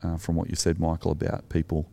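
A man's voice: very deep voice, monotone, quick pace, vocal fry, dark tone. An Australian man, an Anglican minister co-hosting, telling a story in an earnest, reflective way. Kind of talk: conversational storytelling.

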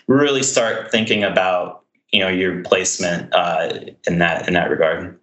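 A man's voice: on the low side, steady tone, a little slow, few pauses, fairly bright tone. A man talking as a podcast guest about his games, hesitant and self-deprecating, with many ums and restarts. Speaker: podcast guest, tournament player. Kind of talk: casual podcast chat. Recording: roomy echo.

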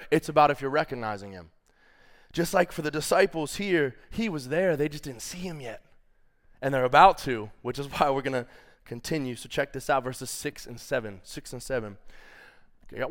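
A man's voice: a little high, a bit bright. A man preaching a sermon, casual and playful, calling the congregation y'all and reading scripture aloud. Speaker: pastor.

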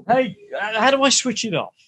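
A man's voice: high voice, very animated, a little fast, bright, forceful tone, husky. A man in casual podcast chat, joking around and mimicking gadget voices. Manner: playful, jokey, mimics voices. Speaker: podcast co-host.

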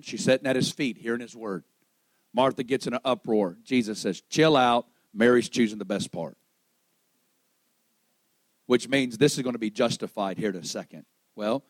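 A man preaching a sermon to a church service, swinging between loud, raised peaks and hushed, low lines and acting out the voices of the people in his story. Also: no echo, low-quality recording. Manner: acts out quoted voices in storytelling.

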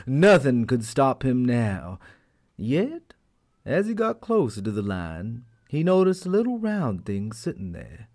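A man telling a folk tale aloud as a storyteller, in an expressive, unhurried manner. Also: mid-range voice. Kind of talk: animated storytelling.

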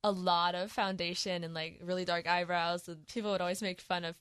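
A woman's voice: fairly low pitch, little pitch movement, a little fast, fairly bright tone, clean tone, no echo, studio quality. A teenage girl co-hosting a student radio talk show, chatting in a rambling way and laughing often. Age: teens. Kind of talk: casual chat.

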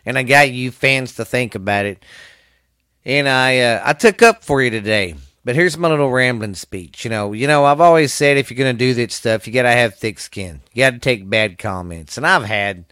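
A middle-aged man from the American South hosts his own podcast solo, rambling through a casual rant in a profane, fired-up Southern drawl. His medium-pitched voice is clear, resonant, and a bit bright at normal speed, recorded dry with clean studio sound.

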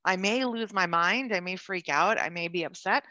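A woman's voice: lowish voice, moderate pace, bright, forceful tone, dry recording, highs cut off. A woman sharing a personal caregiving story in casual conversation, earnest and emotional, laughing now and then and restarting her sentences.

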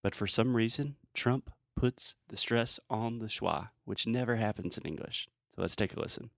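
A man hosting a casual English pronunciation lesson, patiently modeling sounds slowly and laughing often. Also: fairly low pitch, gravelly. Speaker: English pronunciation teacher, host.

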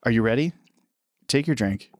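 A man co-hosting a comedy podcast, telling stories in a playful, deadpan way. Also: mid-range voice, moderate pace, no room sound, clean studio sound. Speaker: podcast co-host. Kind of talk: casual comedic chat.

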